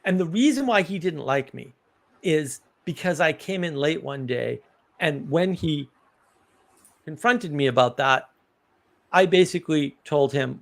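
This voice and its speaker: A man's voice: on the high side, animated, takes it slowly, gravelly, pauses often, a bit bright. A man hosting a live stream, explaining ideas in a casual, thoughtful way with examples.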